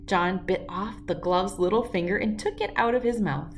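A woman reading a children's chapter book aloud, telling the story in a clear, expressive way. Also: mid-range voice, moderate pace, far from the mic, a little hiss or hum.

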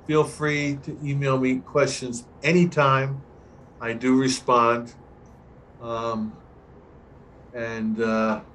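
An older man, a veteran camera assistant, telling a relaxed anecdote as a guest on a video-call Q&A and acting out the dialogue. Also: mid-range voice, slight background noise, rough recording. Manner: relaxed anecdotal storyteller, acts out quoted dialogue. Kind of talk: storytelling in an online Q&A.

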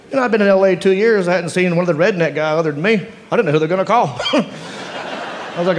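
A man telling an animated stand-up story, laughing through his lines. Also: fairly high pitch, brisk, long pauses, in a large hall. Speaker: stand-up comedian. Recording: live stand-up with audience noise. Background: audience laughter.

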